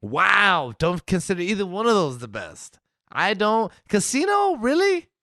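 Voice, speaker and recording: A man co-hosting a casual podcast, talking in a lively way, swearing and laughing often. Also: high-pitched, a little slow, no echo, clean studio sound. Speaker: podcast co-host.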